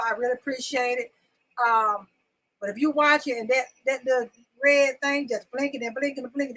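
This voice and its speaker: Lady hosting a live stream from home, high voice, keeps calling viewers in over and over. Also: pushed and bright, rough recording. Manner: chatty, repetitive call-outs to the audience. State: itchy from poison ivy. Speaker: livestream talk show host. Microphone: desk microphone.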